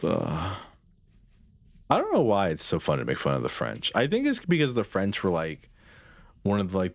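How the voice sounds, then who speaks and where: A man's voice: low voice, no room sound. A young man streaming a game, chatting with his viewers in a rambling, sarcastic way and swearing casually. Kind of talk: casual gameplay chat with chat.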